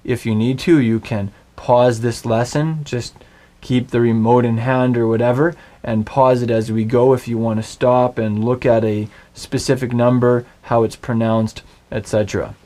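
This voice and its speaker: A man teaching a video language lesson, slowly and patiently drilling words for the viewer to repeat. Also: medium pitch, level tone, mellow. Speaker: Hebrew teacher.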